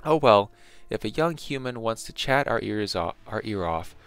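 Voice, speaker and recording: A man voicing a suspicious, greedy male dwarf at a tavern bar, loud and gruff, blustering as he bargains. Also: on the low side, lively intonation, moderate pace, no echo, soft background music.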